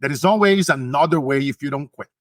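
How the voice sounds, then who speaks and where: A man's voice: on the high side, fast, dry recording. A man hosting a motivational show, preachy and rallying his audience. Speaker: host and motivational speaker.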